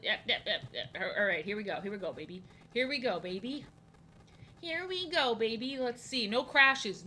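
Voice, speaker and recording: A woman's voice: medium pitch, pushed and bright, slight background noise, poor audio. Rambling self-mocking woman art streamer. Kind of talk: casual live-stream chat while drawing.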